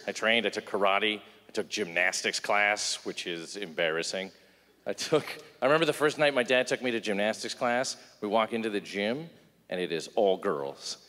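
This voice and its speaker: A man doing a stand-up comedy set, telling stories in an animated way and acting out voices. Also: lowish voice. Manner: animated storytelling, acts out voices. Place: comedy club stage. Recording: live stage with hall reverb.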